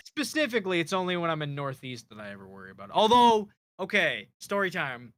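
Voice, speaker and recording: A man co-hosting a casual live stream, telling work anecdotes in an animated way and swearing freely. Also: on the high side, quick pace, no room sound. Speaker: co-host.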